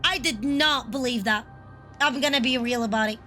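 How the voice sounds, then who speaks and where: Bright, excitable woman streamer. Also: a little high, moderate pace, soft background music. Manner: excitable, profane, blurts reactions. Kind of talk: live game stream commentary.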